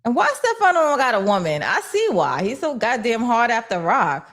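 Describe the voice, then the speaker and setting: Animated woman chatting on a livestream. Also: fairly high pitch, moderate pace. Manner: animated and slangy, talks back to chat. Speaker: host of a TV recap livestream. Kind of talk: casual livestream chat reading viewer comments.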